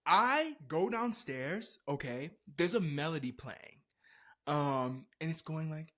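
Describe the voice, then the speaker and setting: A man hosting a podcast, telling a comedic story in a dramatic, animated way with frequent laughter. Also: a little high, a little slow. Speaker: podcast host.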